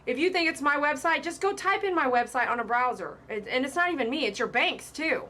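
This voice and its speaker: A woman's voice: sits high, expressive, a little fast, pushed and bright. A woman who works as a pet groomer, hosting a live stream in a casual, emphatic way and repeating her warnings with chatty asides.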